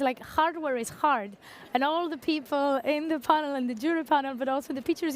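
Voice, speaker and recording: High-voiced woman moderating pitches. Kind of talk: event moderating.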